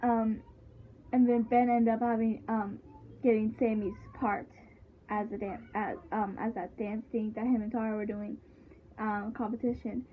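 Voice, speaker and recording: A woman's voice: on the high side, level tone, measured pace, slight background noise. A woman chatting casually as she recaps a show, rambling with lots of fillers and restarts. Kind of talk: casual chat. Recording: tinny phone-like sound.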